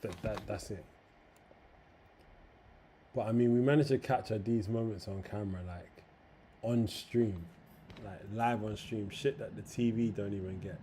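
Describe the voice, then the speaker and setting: A man's voice: fairly low pitch, unhurried, pauses often, dark tone, slight background noise. A young man chatting casually on a livestream, slangy, swearing freely and emotional. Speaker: streamer.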